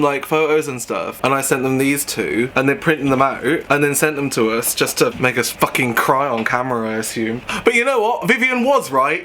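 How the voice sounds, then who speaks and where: A man's voice: a little high, pushed and bright, a little hiss or hum. A young man and drag performer chatting casually and campily while doing a makeup tutorial, laughing often as he gossips.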